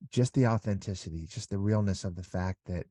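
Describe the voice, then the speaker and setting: A man's voice: deep voice, a little fast, warm tone, no echo, studio quality. A middle-aged man talking as an interview guest in a casual conversation, earnest and rambling with many restarts.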